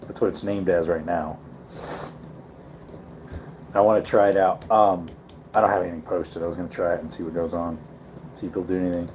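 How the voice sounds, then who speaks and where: A man's voice: deep voice, level tone, a little fast, long pauses, a little mellow, a little hiss or hum. Man, livestream host, casual chat, rambling, self-correcting, tired. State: tired, yawning.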